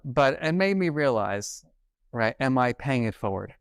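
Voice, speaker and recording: Middle-aged male keynote speaker, mid-pitched, animated storytelling, dry stage mic. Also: a little slow, creaky, clean tone, no room sound. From New York. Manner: animated, acts out quoted dialogue. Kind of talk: conference talk, storytelling. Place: conference stage.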